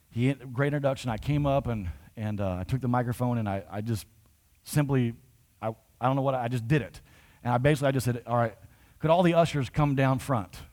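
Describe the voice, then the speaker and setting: A man's voice: medium pitch, a little mellow. Man preaching a storytelling sermon. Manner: conversational, building to emphatic. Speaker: pastor.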